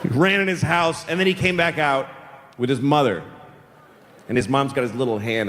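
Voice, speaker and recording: A man in his forties telling a stand-up story in a profane, deadpan way, live on stage before an audience. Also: medium pitch, normal speed, pauses often, slight background noise. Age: 40s. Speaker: stand-up comedian. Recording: live hall recording with long reverb.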